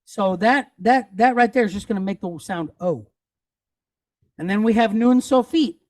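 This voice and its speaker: A man teaching a Hebrew reading lesson, patiently spelling out letters and vowels and repeating each word slowly. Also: high voice, no echo, studio quality. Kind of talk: classroom teaching.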